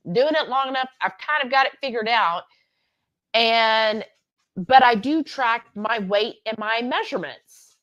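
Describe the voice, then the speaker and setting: A woman's voice: a little high, expressive, a little slow, a bit bright, muffled recording. A woman co-hosting a livestream, chatting candidly in a rambling, self-correcting way. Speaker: livestream co-host. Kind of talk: casual chat.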